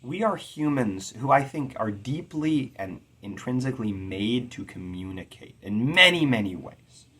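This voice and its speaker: A man giving an earnest, expressive lecture on poetic meter, sounding out rhythms as he teaches. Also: mid-range voice, measured pace, few pauses, husky. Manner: earnest and expressive, tapping out rhythms with spoken syllables. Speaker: poetry teacher.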